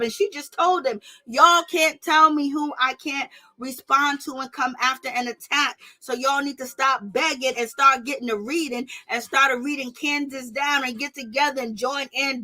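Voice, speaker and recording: A woman with a high, bright voice talks casual gossip straight to her viewers. She is blunt and animated, with features in her speech. It sounds like a relaxed commentary channel. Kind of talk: casual reality-show commentary.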